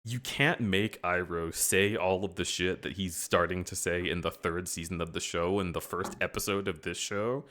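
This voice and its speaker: A man on a casual stream, talking with animated sarcasm and heavy swearing. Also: sits low, moderate pace, hardly any pauses, slight background noise. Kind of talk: casual chat.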